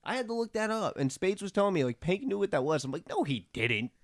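A young man chats casually on a podcast, recapping an anime episode with slang and frequent laughter. His voice sits a little high and swings widely in pitch. The sound is dry and close. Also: lively intonation, fast, no echo. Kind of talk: casual chat.

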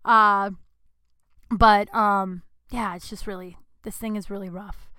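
A woman hosting her own podcast while ill and low on energy. She talks candidly and rambles, swearing freely. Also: steady tone, normal speed, a bit bright, dry recording. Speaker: podcast host. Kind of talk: candid solo podcast talk.

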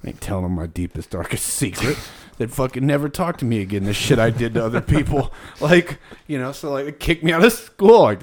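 A man's voice: mid-range voice, lively intonation, normal speed. A man hosting a casual podcast chat, telling stories in a profane, heated way.

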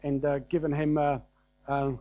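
A man with a German accent delivers a sermon in a chatty, storytelling manner, dotted with fillers and small chuckles. His voice sits a little high for a man. The recording is dry and dull, with no room sound and a muffled top end. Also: monotone, normal speed, dry recording. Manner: conversational and anecdotal, with frequent fillers and chuckles. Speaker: preacher.

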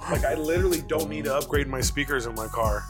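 A man's voice: a little high, fast, over music. A man co-hosting a podcast, chatting in an easygoing, slangy way. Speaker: podcast co-host. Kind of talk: casual chat.

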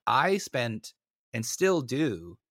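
A man's voice: mid-range voice, extremely slow, dry recording, studio quality. A man co-hosting a podcast, telling a story in casual chat and acting out the voices of the people in it with a self-mocking manner. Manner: animated, acts out voices in anecdotes, self-mocking. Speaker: podcast co-host.

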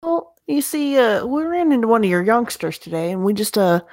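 A woman's voice: fairly high pitch, big pitch swings, fairly quick, darkish tone, no echo, studio quality. A woman playing a tabletop game, talking in a hesitant, polite way with many restarts. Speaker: player. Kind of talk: casual tabletop play.

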